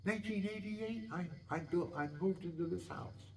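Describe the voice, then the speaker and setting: A man's voice: high-pitched, normal speed, creaky, a little hiss or hum. An older man telling casual, rambling stories about his home and pets, with lots of restarts and folksy asides. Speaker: home video maker. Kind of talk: casual storytelling.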